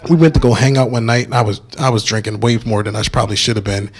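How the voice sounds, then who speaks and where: A young man doing stand-up comedy, telling stories in an animated, playful way. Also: fairly low pitch, fast talker, husky.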